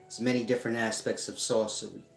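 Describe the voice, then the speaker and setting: A man's voice: lowish voice, level tone, quick pace, vocal fry, soft background music. A middle-aged man, a spiritual teacher answering viewers in a casual livestream chat, talking in loose slang and laughing often. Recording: echoey room.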